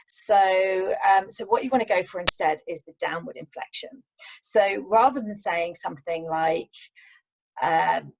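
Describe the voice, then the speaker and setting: A young adult woman, a public speaking coach, giving scripted tips to camera in a measured, deliberate way with firm falling endings. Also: fairly low pitch, creaky, low-quality recording.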